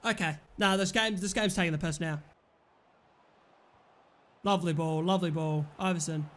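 Young male gamer, high bright voice, excitable live gameplay commentary with angry outbursts. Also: normal speed, pauses often. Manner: excitable, frustrated outbursts and shouting at players. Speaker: gaming commentator.

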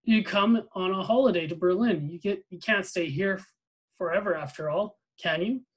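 An eager, well-meaning young boy speaks from the pages of a novel, as a man reading aloud gives him voice. His voice sits a little high, with earnest and curious questions. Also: moderate pace, slightly rough, low-quality recording.

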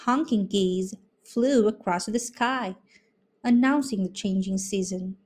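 A woman reading a children's picture book aloud in an expressive, unhurried way. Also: medium pitch. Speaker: storybook reader. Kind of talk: children's read-aloud narration.

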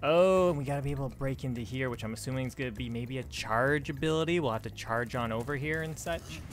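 A young man streams his video game playthrough, giving casual let's-play commentary in a chatty, easily distracted way. He talks at a quick pace in a medium-pitched voice, with a little hiss or hum on the recording.

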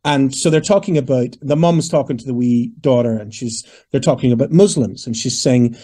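A Northern Irish man in his fifties, a singer answering interview questions in a lively, storytelling way and acting out the voices of people he quotes. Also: medium pitch, a little fast, hardly any pauses. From Northern Ireland. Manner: animated, digressive, acts out quoted voices. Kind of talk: conversational storytelling.

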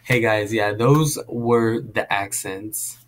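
A man's voice: on the low side, takes it slowly, slight background noise. Goofy self-deprecating male vlogger. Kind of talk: casual vlog chat.

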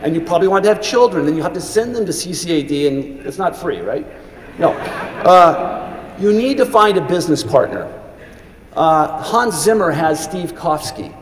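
A man's voice: a little high, expressive, normal speed. A middle-aged man giving a commencement speech, telling earnest stories with frequent restarts. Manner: earnest, anecdotal storytelling with many restarts. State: briefly choked up with emotion. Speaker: commencement speaker. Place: large hall. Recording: echoey hall, reverberant.

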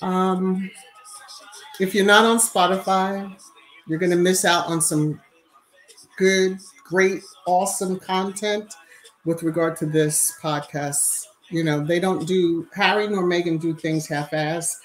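A woman's voice: lowish voice, steady tone, takes it slowly, low-quality recording. A woman hosting a casual live stream, greeting viewers by name and chatting emphatically. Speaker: YouTube livestream host. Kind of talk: casual live-chat commentary.

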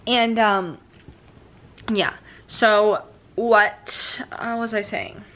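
A woman's voice: medium pitch, steady tone, very slow, a bit bright. A chatty young woman, vlogging casually from the couch in her living room. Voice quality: slight lisp from a new tooth crown. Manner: chatty, rambling, many fillers. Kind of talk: casual vlog chat.

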